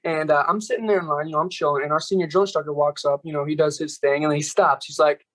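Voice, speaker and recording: A young man, a podcast guest, telling stories in a fast, animated way and ending his sentences with "right?". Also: on the high side. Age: young adult. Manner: rapid, animated, keeps tagging "right?" and "bro". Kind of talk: casual storytelling interview.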